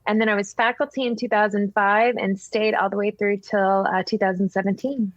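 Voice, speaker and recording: A middle-aged woman guest gushing through animated stories in a casual interview. Her audio sounds dull and muffled, with a dry, close sound. She talks with effusive enthusiasm. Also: medium pitch, fairly quick, dry recording. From Wisconsin.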